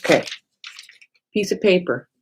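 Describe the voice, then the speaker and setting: A woman's voice: on the low side, expressive, unhurried, noisy background. A middle-aged woman hosting a casual crafting livestream at her home craft table. She chats with viewers by name, thinks aloud and talks to herself as she works.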